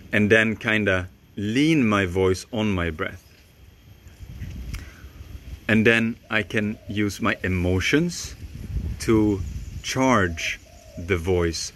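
A man calmly explaining voice techniques in a reflective spoken lesson, pausing often. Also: fairly low pitch, a little hiss or hum. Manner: slow, calm and reflective, with pauses. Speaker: voice coach.

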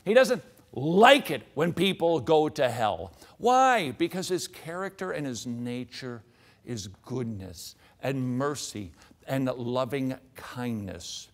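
A middle-aged man teaching from the Bible on a show, reading scripture aloud and dropping in jokey asides. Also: mid-range voice.

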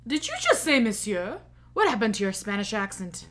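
A woman's voice: mid-range voice, big pitch swings, normal speed, fairly bright tone, faint music behind, pitched below the performer's own voice. A woman reading an eager bird sidekick. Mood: surprised. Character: eager male bird assistant investigator.

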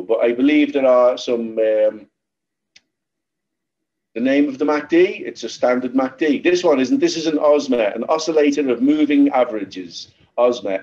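A man with a Liverpool accent hosting a trading webinar, talking informally and repeating himself as he explains charts. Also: mid-range voice. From Liverpool, England. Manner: chatty, repetitive, lively storytelling. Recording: slightly dull lo-fi webinar audio.

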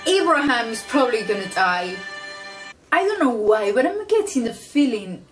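A woman's voice: on the high side, big pitch swings, normal speed, soft background music. A woman hosting a reaction video, chatting casually, laughing often and swearing freely.

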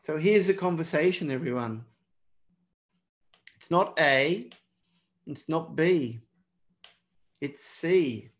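A man's voice: a little high, expressive, slow pace, pauses often. A man teaching a live online exam prep class in a casual, chatty way, often calling out to everyone. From not British. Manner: chatty, keeps addressing everyone.

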